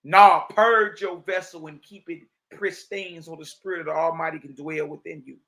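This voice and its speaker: Male Bible teacher, high-pitched, emphatic street-style preacher reading texts aloud. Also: fairly even intonation, moderate pace, gravelly, bright, forceful tone. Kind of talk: livestreamed religious teaching.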